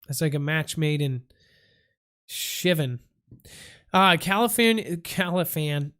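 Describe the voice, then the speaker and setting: A man's voice: fairly high pitch, animated, slow pace, pauses often, a bit bright. A man hosting a comedy call-in news show, stumbling over words, repeating them in silly voices and making joking asides to himself. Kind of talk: goofy read-out news blooper reel.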